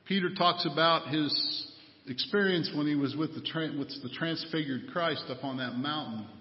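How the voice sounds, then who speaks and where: A male preacher delivers a sermon, pressing his points with rhetorical questions. His voice sits somewhat high. It rings through a large echoing hall, and the recording sounds muffled and dull. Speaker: pastor.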